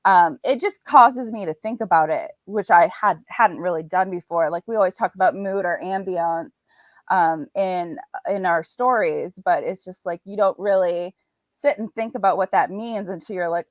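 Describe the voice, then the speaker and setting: A woman's voice: lowish voice, moderate pace, no room sound. Chatty woman guest, filler-heavy, dry lo-fi recording. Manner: chatty, filler-heavy, acts out her own thoughts. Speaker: indie author and podcast guest. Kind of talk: casual interview chat. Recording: dull, slightly lo-fi dry sound.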